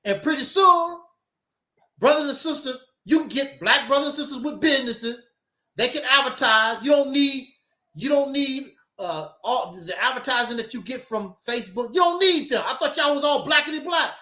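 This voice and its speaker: High, bright-voiced preachy man. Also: lively intonation, moderate pace, roomy sound. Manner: preachy, emphatic, mocking asides. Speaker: host. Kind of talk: opinionated talk show monologue.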